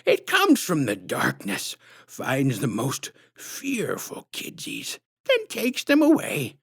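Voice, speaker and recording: A man reading his storybook aloud, voicing a creepy, drooling old woman counselor whose squeaky baby talk slides into a dark hiss. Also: huge pitch swings, slow, creaky, husky, full character voice. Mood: menacing.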